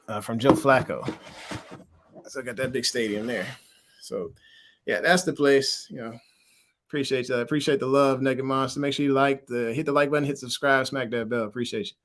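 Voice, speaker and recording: A man from Louisiana with a mixed Southern and military accent, hosting a casual sports-fan livestream and chatting in an animated, slangy way with frequent laughs. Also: mid-range voice. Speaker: livestream host.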